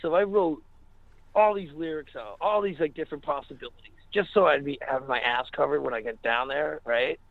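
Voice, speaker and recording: A man's voice: fairly high pitch, a little fast, gravelly, dry recording, narrow, tinny audio. A man casually telling a rambling story in an interview, full of fillers and acted-out quotes. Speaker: musician guest.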